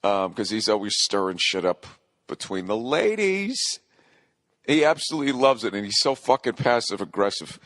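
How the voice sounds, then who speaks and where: A man's voice: fairly low pitch, sing-song, moderate pace, a bit bright, dry recording, studio quality. A man in his forties hosting a solo comedy podcast, ranting profanely and rambling, scolding himself back on topic. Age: 40s. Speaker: podcast host.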